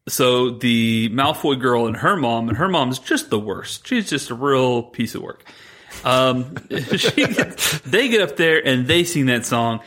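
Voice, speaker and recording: A man co-hosting a podcast, retelling a movie plot in a rambling, animated way, quoting the characters as he goes. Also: medium pitch. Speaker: podcast co-host. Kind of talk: casual chat recapping a movie.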